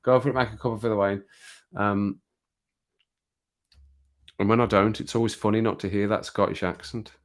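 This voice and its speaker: A man's voice: fairly low pitch, fairly even intonation, moderate pace, long pauses. A man with a Midlands accent from England, rambling casually on a live stream, chuckling and poking fun at himself. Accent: Midlands English. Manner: rambling, chuckling, self-mocking.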